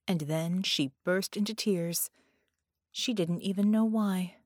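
A woman narrating an audiobook in measured, dramatic storytelling. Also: fairly low pitch, a little mellow, no echo, clean studio sound.

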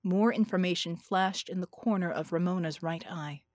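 A woman reading an audiobook with scripted narration, in an even storytelling manner. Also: fairly low pitch, normal speed, dry recording, clean studio sound.

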